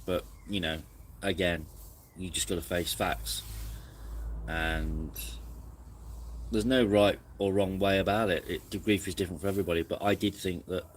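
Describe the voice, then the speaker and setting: Low voiced guy rambling on his camping livestream, munching snacks as he talks. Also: steady tone, normal speed, slight background noise. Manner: rambling and reflective, snacking while talking. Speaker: camping YouTuber hosting a live stream. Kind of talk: casual live-stream chat.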